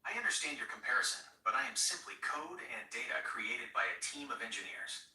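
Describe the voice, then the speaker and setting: A male AI assistant answers in a very bright, fast, polished voice. He is formal and apologetic in a scripted way. It plays through a speaker in a roomy space, away from the mic. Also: medium pitch, animated, recorded from a distance.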